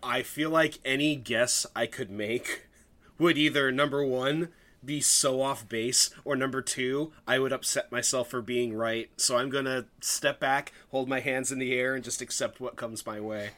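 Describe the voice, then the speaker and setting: A man co-hosting a podcast, trading wry, jokey asides in casual banter. His voice is bright and forward. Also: mid-range voice, steady tone, moderate pace. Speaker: podcast co-host.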